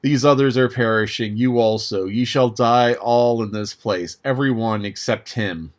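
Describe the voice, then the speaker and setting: A man voicing an old male wizard who speaks slowly in archaic words with malicious satisfaction. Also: mid-range voice, natural voice. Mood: gloating. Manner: slow, archaic, gloating.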